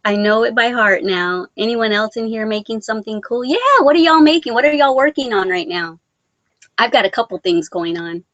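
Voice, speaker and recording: A woman's voice: mid-range voice, normal speed, fairly bright tone, no room sound, muffled recording. A woman hosting a casual live-stream chat, reading viewer comments aloud, chatty and rambling, laughing often. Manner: rambling with many restarts and fillers.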